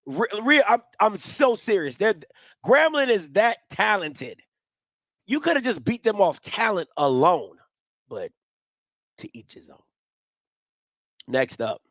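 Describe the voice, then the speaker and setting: A young man hosting a show, delivering blunt, opinionated sports commentary in an animated rant. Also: sits high, slow, long pauses, no room sound, studio quality.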